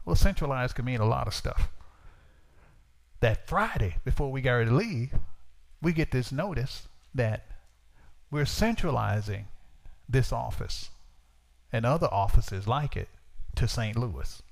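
Gravelly-voiced man preaching a testimony. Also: mid-range voice, lively intonation, a little slow. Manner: storytelling, acts out dialogue in raised voice. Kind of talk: sermon testimony.

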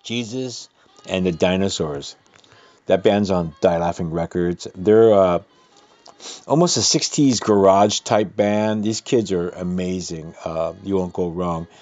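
A man's voice: low voice, measured pace, darkish tone. A man with a cold giving casual, rambling radio announcements about upcoming shows, stopping now and then to correct himself. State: has a cold. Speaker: radio host reading community event announcements.

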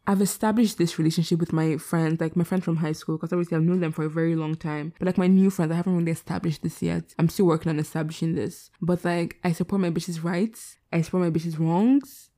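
A young woman talks through her solo podcast late at night, candid and rambling, with a tired edge. Her voice is low, mellow and gravelly with plenty of fry. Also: steady tone, fast, few pauses. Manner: rambling, candid, self-deprecating. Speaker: podcast host. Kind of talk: casual solo podcast chat. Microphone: laptop setup.

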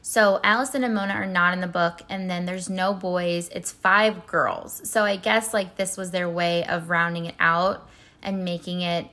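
A woman's voice: lowish voice, fairly even intonation, normal speed, sharp tone. A woman chatting casually in a book review vlog, rambling with lots of "like" and "um" fillers. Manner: chatty and candid, light laughs. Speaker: book vlogger.

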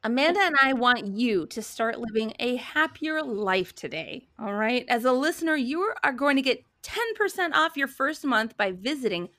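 Woman podcast co-host, high bubbly voice, dry close sound, reads ads conversationally. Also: lively intonation, normal speed, few pauses, sharp tone, dry recording. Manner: bubbly, laughs often. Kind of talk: casual chat and ad read.

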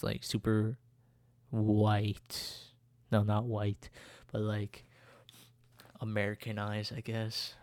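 A man's voice: lowish voice, gravelly, darkish tone, no echo. Young guy rambling on his solo podcast, laughs a lot, dry close sound. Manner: rambling, laughs often, self-correcting. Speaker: podcast host. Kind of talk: casual solo podcast chat.

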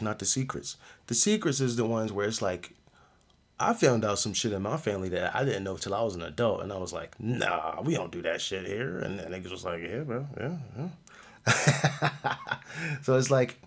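A young man hosting a podcast, giving a casual, slangy review of a show with frequent laughs and animated outbursts. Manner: animated, slangy, laughs often, loud jumps in pitch. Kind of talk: casual solo review chat.

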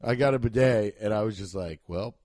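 A man in his thirties from Cincinnati, hosting a podcast, rambling profanely and excitably in a casual comedic monologue while congested and sniffly from allergies. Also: fairly low pitch, brisk, no room sound. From Cincinnati, Ohio. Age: 30s. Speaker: podcast host.

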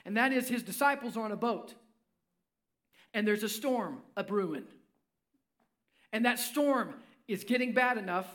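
A male pastor preaching a sermon, impassioned, dropping his voice low for emphasis. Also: fairly bright tone. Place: church.

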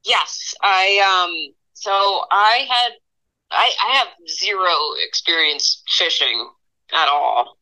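A woman in her thirties from Pennsylvania, a guest artist telling stories in a casual interview, animated and laughing often, with lots of fillers. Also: fairly low pitch, slow, low-quality recording. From Pennsylvania, USA.

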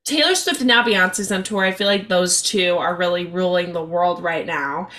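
A woman's voice: fairly low pitch, moderate pace, pushed and bright. A young woman hosting a podcast, chatting in a gushing, upbeat and slangy way. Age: young adult. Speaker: podcast host. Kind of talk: casual chat.

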